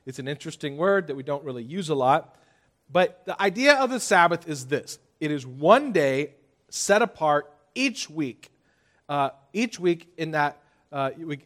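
A man's voice: a little high, normal speed. A man preaching a sermon, getting the congregation to repeat phrases and telling stories with playful exaggeration. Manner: lively preaching, audience call-and-response, playful exaggeration. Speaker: pastor.

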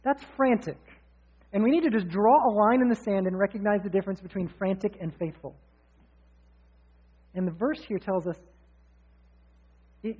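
A man preaching a sermon in an energetic, candid, conversational way. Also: sits high, breathy edge. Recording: tinny phone-like sound.

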